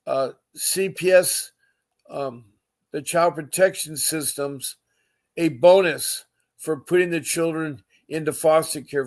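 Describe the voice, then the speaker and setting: A man hosting a live podcast, talking earnestly and emotionally, often repeating himself and greeting viewers. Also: a little high. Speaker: podcast host.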